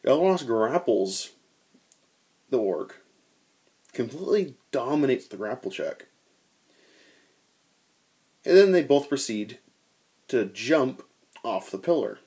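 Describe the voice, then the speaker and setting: A young man telling a tabletop game story in a casual, animated way, swearing and acting out quotes. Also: mid-range voice, slow, pauses often, husky.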